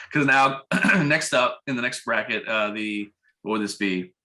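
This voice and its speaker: A man's voice: lowish voice, slow pace. A young man, co-host of a casual podcast chat, retelling a movie plot animatedly and acting out the lines. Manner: animated retelling with voiced impressions.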